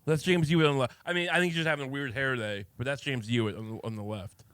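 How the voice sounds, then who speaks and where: A man, a podcast guest, speaking in a halting, deadpan, self-deprecating way in casual comedic banter. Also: mid-range voice, no echo, clean studio sound.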